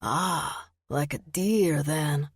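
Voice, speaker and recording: A woman voicing a charming, flirty southern gentleman with a deep voice and a slow, teasing drawl. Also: slightly rough, no echo, studio quality, full character voice. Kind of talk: audiobook narration.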